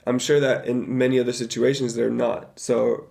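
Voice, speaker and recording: Casting: man podcast co-host, gravelly voice, rambling easygoing chat. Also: mid-range voice, level tone, normal speed, dark tone. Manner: rambling, hedging with fillers. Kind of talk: casual chat.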